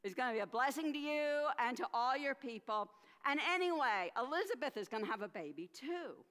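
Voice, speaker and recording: A woman voicing a gentle, reassuring angel messenger, speaking slowly and soothingly. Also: high voice, lively intonation. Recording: long church hall reverb.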